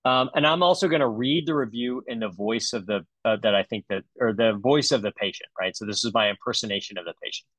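A man's voice: lowish voice, quick pace, few pauses, fairly bright tone, no room sound, rough recording. A middle-aged man, a dentist, giving a comedic webinar talk in a sarcastic, joking way with loose fillers.

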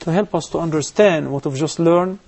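A man teaching recitation rules on a TV lesson, explaining step by step and chanting verses slowly. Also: fairly high pitch, creaky, a little mellow. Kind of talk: televised recitation lesson with live callers.

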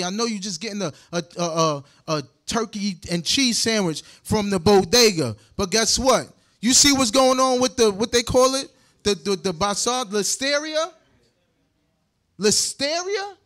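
A man preaching a sermon, animated and joking, breaking into laughs and repeating words as he goes. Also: high voice. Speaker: congregation leader. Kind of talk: sermon with scripture commentary.

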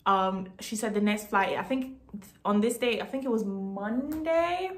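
A woman's voice: medium pitch, unhurried. A woman from Jamaica telling a casual storytime vlog story, emphatic, repeating herself and laughing between lines. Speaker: vlogger.

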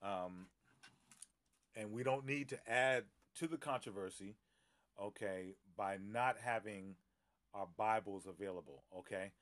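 A man's voice: on the low side, measured pace, fairly bright tone. A middle-aged man, a pastor, chatting casually on a phone live stream, greeting viewers by name with many fillers and easy laughs. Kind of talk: casual live-stream chat before a Bible teaching.

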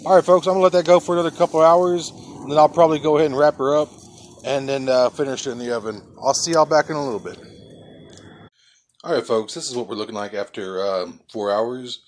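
A man's voice: mid-range voice, steady tone, fast, a little hiss or hum. A man hosting a casual barbecue cooking vlog outdoors, chatty and folksy, talking to his viewers as folks and y'all. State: coughing from pepper rub. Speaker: barbecue channel host. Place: outdoors by a smoker.

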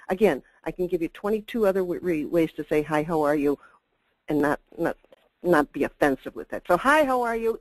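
A woman's voice: fairly low pitch, animated, fairly quick, no room sound, poor audio. An older woman giving a chatty, emphatic customer service webinar talk with asides. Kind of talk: webinar presentation.

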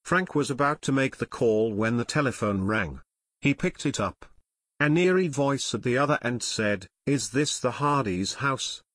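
Male audiobook narrator, steady, mid-pitched, dry close studio sound. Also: normal speed, dry recording. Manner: steady storytelling. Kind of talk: scripted narration.

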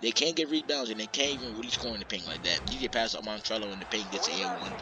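A young man giving casual, excitable play-by-play commentary on a basketball game, swearing and trash-talking the players. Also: lowish voice, fast, a crowd in the background. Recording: slightly muffled lo-fi audio, faint background noise.

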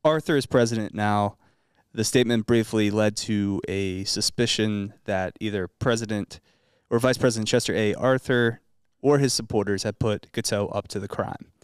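A man's voice: on the low side, moderate pace, clear, resonant tone, dry recording. A man hosting a comedic history podcast, reading the story aloud and cutting in with dry asides. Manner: reads narration aloud, then cracks dry asides. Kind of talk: reading notes in casual chat.

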